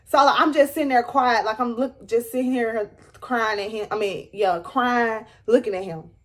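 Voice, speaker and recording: A young woman telling a dramatic storytime to her viewers, animated and emphatic. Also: fairly high pitch, normal speed. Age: young adult. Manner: animated, dramatic retelling with rising squeals. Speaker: storyteller vlogger. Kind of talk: storytime vlog.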